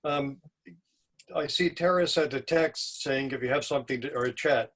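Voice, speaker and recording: A man's voice: medium pitch, moderate pace, fairly bright tone. A man hosting a live storytelling session, chatting loosely and correcting himself as he goes. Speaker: host, storyteller-in-residence. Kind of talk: casual event hosting.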